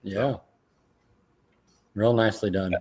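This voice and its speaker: A man's voice: lowish voice, fairly even intonation, slow, darkish tone, breathy edge. A man in a casual interview, adding brief encouraging comments. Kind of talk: casual chat.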